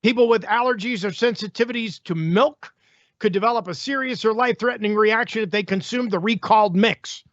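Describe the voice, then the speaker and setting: A man's voice: sits high, brisk, no echo, highs cut off. A male talk show host giving opinionated, sarcastic news commentary in a ranting manner.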